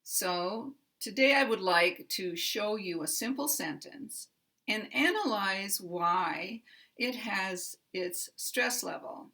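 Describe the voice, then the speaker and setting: Slow, bright-voiced woman teaching pronunciation. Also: medium pitch, lively intonation. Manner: careful, measured delivery stressing words for demonstration. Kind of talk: slow, deliberate instructional explanation.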